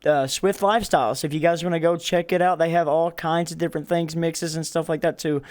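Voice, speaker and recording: A man's voice: fairly high pitch, steady tone, fast talker, darkish tone. A man hosting a casual podcast, rambling and laughing, with many restarts. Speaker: podcast host.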